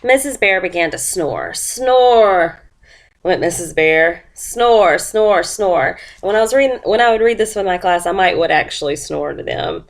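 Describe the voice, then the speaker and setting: A woman's voice: on the low side, gravelly. Sniffly woman reading aloud. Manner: reads story slowly with expressive character voices and sound effects. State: sniffly from a cold. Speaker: teacher presenting a lesson plan. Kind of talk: explaining a lesson and reading a picture book aloud.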